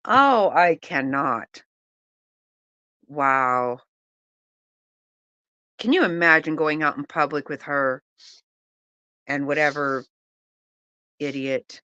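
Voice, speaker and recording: A middle-aged woman chats on a live stream in a low, unhurried voice that still has a bright, forceful edge. She keeps breaking into laughter and cries of disbelief as she reacts, close to the mic in a dry, dead space. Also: animated, clean tone, no room sound, muffled recording. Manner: laughs often, exclaims in disbelief. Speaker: live-stream host reading chat. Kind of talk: casual live-stream chat.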